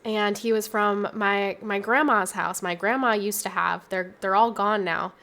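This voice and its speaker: A young woman streaming a casual chat, tired and tearful, talking softly with many pauses and restarts. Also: medium pitch, steady tone. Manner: soft, halting, full of fillers and restarts.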